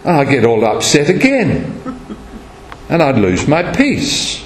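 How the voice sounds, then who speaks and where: A man's voice: fairly high pitch, wildly swooping pitch, takes it slowly, a little hiss or hum. A man preaching a sermon and closing with a prayer, acting out the quoted speech as he tells the story. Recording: echoey room, faint ambience.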